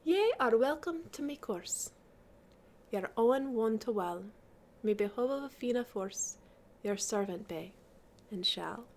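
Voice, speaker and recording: Coaxing, teasing court lady, voiced by a woman reader, lively high delivery. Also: a little slow, creaky, pauses often, exaggerated voice. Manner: playful, coaxing recitation in old verse. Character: flirtatious noble lady teasing a knight.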